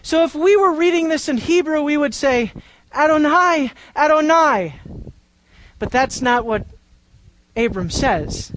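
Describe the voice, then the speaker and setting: A woman's voice: high-pitched, normal speed, poor audio. A woman preaching a Bible-teaching sermon, drawing out key words for emphasis and putting questions to the congregation.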